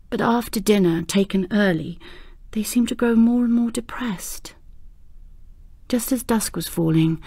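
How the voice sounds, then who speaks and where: A woman narrating a ghost story audiobook in a measured, unhurried way. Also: medium pitch, darkish tone, dry recording, studio quality.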